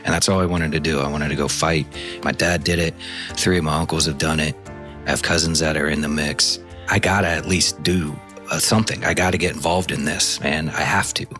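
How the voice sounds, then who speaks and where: A man's voice: a bass voice, fairly even intonation, brisk, bright, forceful tone, soft background music. A man from the American Midwest telling his story candidly in an interview, animating it with quoted dialogue. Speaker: former intelligence officer guest.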